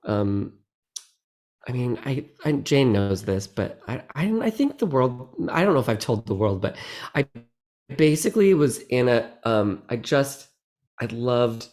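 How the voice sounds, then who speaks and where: A man, a guest actor in a casual interview, who talks in an animated, rambling way with many restarts and laughs. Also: mid-range voice. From United States.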